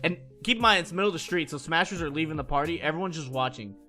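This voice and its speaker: A man excitedly recapping a wild night to his stream, swearing and jumping between voices as he tells it. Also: very fast, soft background music. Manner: excitable, swears, acts out quotes with big pitch swings. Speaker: streamer telling stories. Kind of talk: animated storytelling recap.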